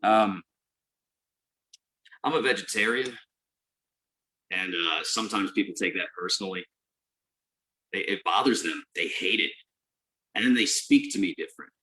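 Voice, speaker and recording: A man performing a stand-up comedy set, telling a long deadpan story and mock-cheering the crowd in sudden high bursts. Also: measured pace, pauses often, rough recording. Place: live venue with audience.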